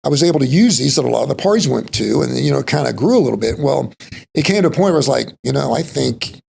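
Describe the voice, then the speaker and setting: A man's voice: mid-range voice, animated, rapid-fire, gravelly, darkish tone, husky. A middle-aged man from Texas with a Texas accent, telling stories in a rambling, folksy way as an interview guest. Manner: rambling, folksy, full of "you know" and "like". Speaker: podcast guest. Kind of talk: casual interview storytelling.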